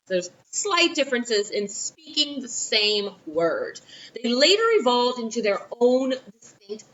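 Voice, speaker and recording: Recorded for a class, this history lesson comes from a New Orleans-accented teacher from Louisiana who chats along with asides and quoted voices. She has a fairly high, pushed, bright voice; the mic is distant and the highs are cut off.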